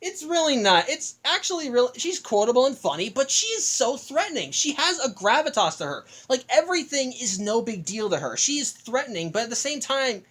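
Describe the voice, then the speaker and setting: A woman's voice: high voice, big pitch swings, a little fast, hardly any pauses, fairly bright tone, breathy edge. A woman giving a casual, rambling, enthusiastic film review with many restarts.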